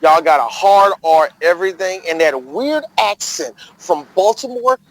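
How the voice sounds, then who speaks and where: A man's voice: high-pitched, expressive, a little slow, poor audio. A man from Washington, D.C., hosting a casual sports podcast, joking and laughing often with a loose, profane delivery. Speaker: podcast host.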